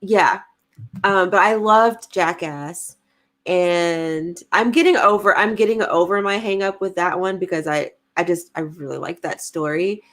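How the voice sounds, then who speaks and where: A woman's voice: lowish voice, a little slow, fairly bright tone. A woman, co-hosting a casual livestream, chatty and giggly as she reads comments aloud. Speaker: podcast co-host reading live chat.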